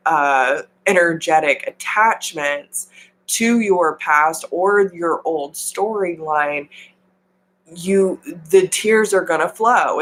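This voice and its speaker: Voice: medium pitch, a bit bright, poor audio. A tarot reader hosting a live reading, giving casual spiritual coaching in an affirming way, with slang and the odd swear word.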